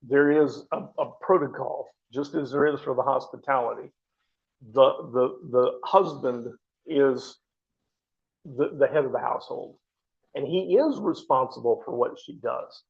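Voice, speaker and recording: A man's voice: mid-range voice, measured pace, creaky, husky, highs cut off. A man teaching a Bible study class, earnest and explanatory, often restarting his sentences. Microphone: microphone.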